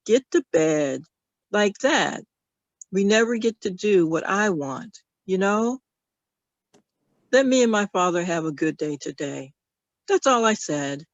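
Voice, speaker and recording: Brief: reader voicing a bashful boy, higher and slower, a bit whiny, dull dry audio. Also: no room sound. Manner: hesitant, pleading, slow. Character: shy boy embarrassed about a wish.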